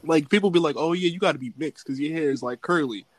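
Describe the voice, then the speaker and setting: A young man chatting casually and telling animated stories, acting out other people's lines. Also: fairly high pitch, quick pace, slight background noise. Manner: animated storyteller, acts out quotes. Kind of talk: casual chat.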